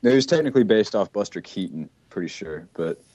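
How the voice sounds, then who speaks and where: Brief: a man with an animated voice, quick wisecracks and doubt in casual conversation. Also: on the low side, muffled recording. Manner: joking, skeptical interjections. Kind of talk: casual chat.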